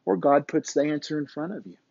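A man's voice: on the high side, steady tone, fast talker, vocal fry, a little mellow, no echo. A man hosting a faith podcast, giving an earnest, preachy motivational talk like a coach, with mild swearing, on a dull, dry, lo-fi recording. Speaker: podcast host.

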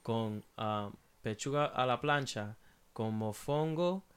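A man's voice: mid-range voice, unhurried, a crowd in the background. A man from Puerto Rico, a podcast guest, telling stories in casual chat and acting out the people in them. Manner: animated storyteller who acts out other people's voices.

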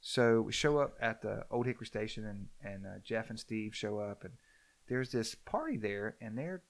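A man spins a story among friends in relaxed chat. He acts out every quoted line, swinging his voice up and down. The flow is loose and full of fillers. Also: on the low side, normal speed.

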